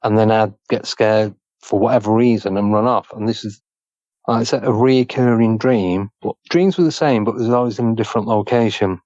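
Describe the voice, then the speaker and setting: Low-voiced man, dry dull audio. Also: darkish tone, no room sound. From Manchester, England. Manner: halting, clipped fragments, plain-spoken. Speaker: podcast guest. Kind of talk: recounting a personal experience.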